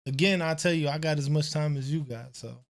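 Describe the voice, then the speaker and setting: A man's voice: fairly high pitch, brisk. A male streamer hosting his own talk show, speaking in a laid-back, easygoing way and chuckling between remarks. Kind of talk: casual conversation.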